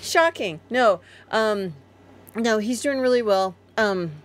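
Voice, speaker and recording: A woman's voice: mid-range voice, animated, takes it slowly. A woman co-hosting a casual live chat, reading viewer comments and chatting about the family's pets. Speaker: co-host of a family homestead livestream.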